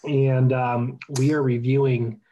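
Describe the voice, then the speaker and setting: A man's voice: medium pitch, little pitch movement, slow, mellow, muffled recording. A man from California co-hosting a casual podcast, talking in a mock-dramatic, theatrically emotional way. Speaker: podcast co-host.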